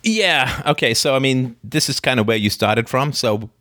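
A man's voice: mid-range voice, moderate pace, a bit bright, dry recording, clean studio sound. A man hosting a call-in advice show, blunt and emphatic, swearing casually.

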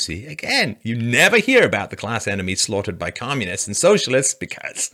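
A man's voice: mid-range voice, big pitch swings, brisk, few pauses, sharp tone. A man giving sarcastic political commentary in a mocking, dry way, often sighing and scoffing.

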